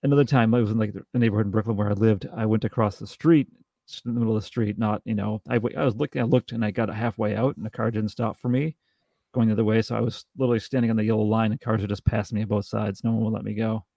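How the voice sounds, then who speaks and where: Low gravelly guy rambling about a movie, lots of like and uh, dry close sound. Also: steady tone, very fast, mellow, no echo. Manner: rambling, restarts, many "like"s. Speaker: podcast co-host. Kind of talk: casual film review chat.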